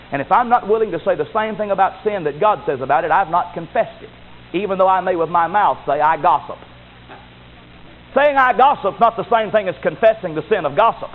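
A man preaching a sermon with emphatic delivery, rising to loud exclamations and dropping to low asides. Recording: tinny phone-like sound with faint noise.

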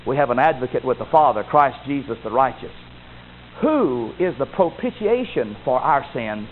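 A man preaching a sermon with emphatic delivery, rising to loud exclamations and dropping to low asides. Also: expressive, moderate pace. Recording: tinny phone-like sound with faint noise.

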